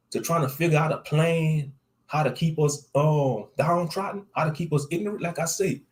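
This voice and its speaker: A man's voice: on the high side, a little mellow. A man giving live-streamed religious commentary, reading scripture aloud and riffing on it in slangy talk with a preachy edge, repeating lines for emphasis. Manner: preachy, reads scripture then riffs on it. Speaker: online commentator.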